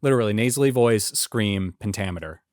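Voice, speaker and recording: A man's voice: lowish voice, fairly quick, a little mellow, no echo, studio quality. A man in his late twenties, co-hosting a podcast in casual chat, rambling with many filler words. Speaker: podcast co-host.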